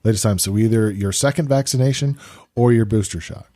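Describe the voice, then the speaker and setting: A man's voice: lowish voice, a little fast, dark tone. A man on a podcast in a casual chat, explaining rules in a matter-of-fact way with a few restarts.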